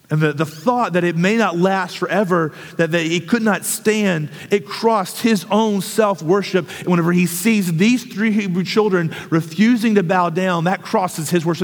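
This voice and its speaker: A man preaching a sermon in an earnest, emphatic way, asking rhetorical questions. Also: a little high. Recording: echoey hall reverb.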